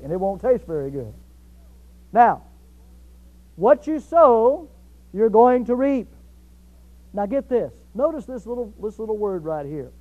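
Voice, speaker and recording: A man preaching a sermon emphatically, repeating key phrases and swinging between loud stress and quiet asides. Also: high voice. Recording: dull lo-fi recording.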